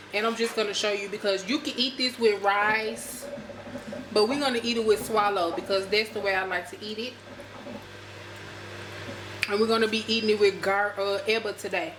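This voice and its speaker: A woman's voice: medium pitch, steady tone, moderate pace, background noise. Woman chatting thru her cooking vlog, middle voice, echoey kitchen w/ pots clanking. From United States. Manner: chatty, addresses viewers as y'all. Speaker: cooking vlogger. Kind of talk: casual cooking demonstration. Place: home kitchen.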